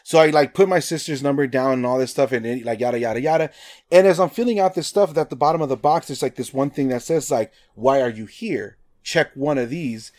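A man from Nevada telling a story in casual chat, animated and swearing, acting out quotes with lots of "like". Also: mid-range voice, fairly quick.

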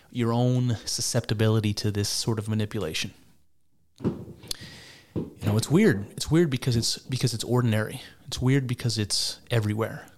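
A man giving casual spoken commentary on clips, argumentative and wry, with frequent restarts and mock laughter. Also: mid-range voice.

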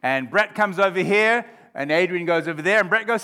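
A man in his fifties preaching a sermon as pastor, shifting from quiet reflection to loud, emphatic exclamations. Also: high-pitched, expressive, a little fast.

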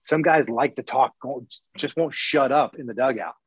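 A man's voice: medium pitch, breathy edge, no echo. Middle-aged male guest, frank and plain-spoken, stop-start delivery, dull dry lo-fi sound. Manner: candid and blunt, with sarcastic asides; talks in quick bursts with many restarts. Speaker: interview guest, former baseball broadcaster. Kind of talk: casual interview talk. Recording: dry, slightly dull lo-fi recording.

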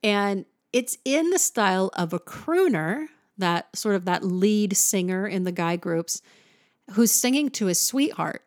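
A woman's voice: mid-range voice, expressive, unhurried, no echo, clean studio sound. A woman giving a casual, enthusiastic music lesson, breaking into sung examples now and then. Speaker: music teacher.

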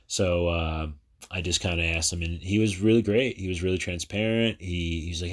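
A very low-pitched man in his thirties, originally from New Jersey, talks through his own podcast alone. He rambles in a casual, chatty way, often stopping on fillers and starting sentences over. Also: steady tone, moderate pace. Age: 30s. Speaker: podcast host. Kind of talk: casual personal podcast monologue.

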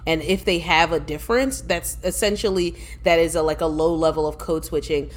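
A woman talking as a podcast guest, telling lively stories with frequent laughter and restarts. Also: low voice, brisk. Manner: lively storyteller, laughs often, restarts sentences. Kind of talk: casual podcast conversation.

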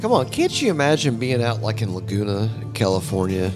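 A man's voice: lowish voice, very animated, fairly quick. A man in crude, rambling casual banter, joking and laughing a lot while reacting to music. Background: loud music playing.

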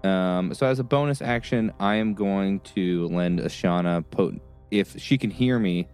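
Deep-voiced halting man player. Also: darkish tone, smooth, soft background music. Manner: halting, restarts a lot. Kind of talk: casual tabletop play.

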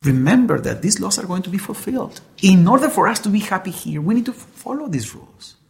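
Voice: medium pitch, big pitch swings, fast talker, gravelly, voice pushed up. A preacher quoting a stern male schoolteacher in a sermon illustration, speaking firmly and instructively. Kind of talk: quoted character in a sermon story.

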